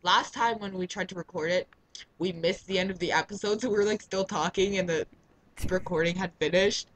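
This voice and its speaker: A man's voice: sits high, fairly quick, a bit bright, slight background noise, low-quality recording. A man co-hosting a let's play, chatting casually and laughing often as he comments on the game. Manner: giggly, rambling, jokey.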